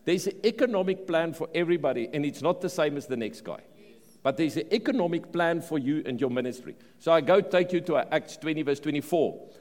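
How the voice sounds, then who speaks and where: A man with a South African accent preaching a sermon in an animated way, often repeating words and restarting phrases. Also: on the high side, fairly quick. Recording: long reverb of a large hall.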